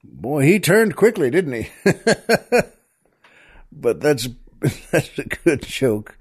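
A man's voice: on the high side, sing-song, slow pace, breathy edge. A man hosting a comedy podcast, telling jokes in a chatty monologue full of asides and chuckles. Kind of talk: casual comic monologue.

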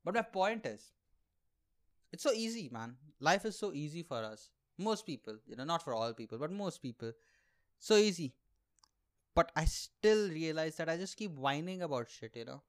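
A man's voice: fairly high pitch, very animated, moderate pace. Rambling sarcastic young man. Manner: sarcastic, rambling, laughs at own jokes. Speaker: podcast host and aspiring comedian. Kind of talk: rambling comic monologue.

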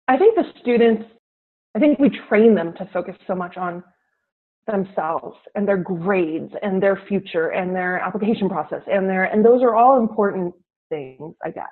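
A teacher, a woman, talks through her classroom experiences as an interview guest. She is animated and slips into the voices of her students as she tells a story. Her voice comes through a tinny, narrow line that sounds like a phone call. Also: medium pitch, moderate pace. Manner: animated, acts out classroom dialogue.

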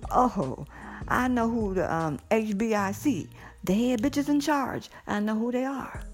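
A woman's voice: on the high side, measured pace, faint music behind. A middle-aged woman in a casual monologue, giddy and blunt, cursing freely and laughing often. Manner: giddy, animated, swearing freely, frequent laughter. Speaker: vlogger.

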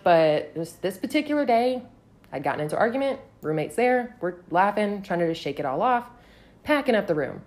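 A woman's voice: mid-range voice, sing-song, a little fast, darkish tone. A young woman from Texas telling a story in casual, profane chat and acting out the voices in quotes.

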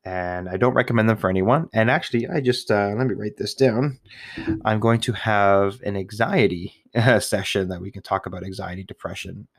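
A man's voice: lowish voice, normal speed, no echo, clean studio sound. A young man, a new father, talking casually and candidly to the camera, rambling, swearing often and laughing at himself. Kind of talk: casual personal monologue.

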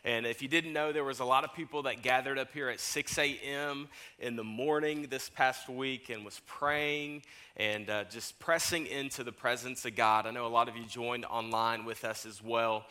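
Bright-voiced young pastor preaching. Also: male voice, mid-range voice, normal speed, clean tone. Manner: animated storytelling, laughs at own jokes. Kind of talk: sermon. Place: church sanctuary.

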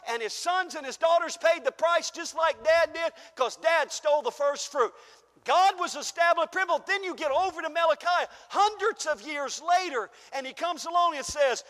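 High, bright-voiced preacher man in a reverberant hall. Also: normal speed. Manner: fervent preaching, rising and shouting, then chuckling asides. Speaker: pastor. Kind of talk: sermon. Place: church sanctuary.

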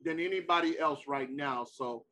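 A man's voice: fairly high pitch, normal speed, sharp tone, rough recording. A man with a somewhat raised voice holds forth in a casual sports debate. He is emphatic and repeats his point until he has the floor. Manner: emphatic, repeats himself, cuts in. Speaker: sports talk co-host.

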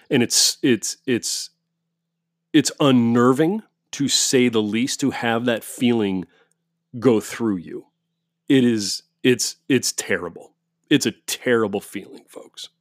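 A man's voice: mid-range voice, no room sound, clean studio sound. A man telling his viewers a story as a heated, profane rant, often restarting his sentences. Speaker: vlogger.

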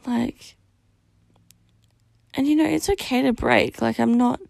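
A woman's voice: a little high, unhurried, creaky, darkish tone, no room sound. A young woman hosting a solo podcast, talking candidly and rawly about her feelings, venting and swearing often. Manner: raw, venting, frequent swearing. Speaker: podcast host.

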